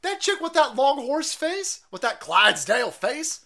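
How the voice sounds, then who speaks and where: Male streamer host, angry profane rant, high voice with big swings. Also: sing-song, moderate pace. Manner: angry, profane, shouting bursts. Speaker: livestream host. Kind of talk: ranting livestream commentary.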